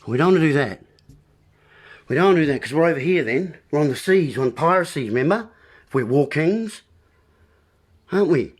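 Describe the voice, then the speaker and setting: A man's voice: a little high, sing-song, a little fast, long pauses. A man delivering a rambling monologue as host, full of playful wordplay and talking straight to the listeners as folks.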